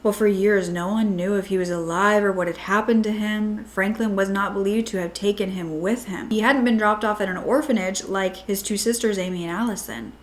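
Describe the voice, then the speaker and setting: A woman narrates a true crime case from a script. Her voice sits at a middle pitch, and she poses rhetorical questions as she tells the story. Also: fairly even intonation, a little fast, few pauses.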